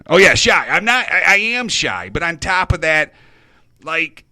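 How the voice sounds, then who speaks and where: A man's voice: fairly high pitch, big pitch swings, unhurried, sharp tone, no room sound. A middle-aged man hosting an internet radio show, rambling nervously about himself in a confessional monologue, stumbling and restarting his sentences.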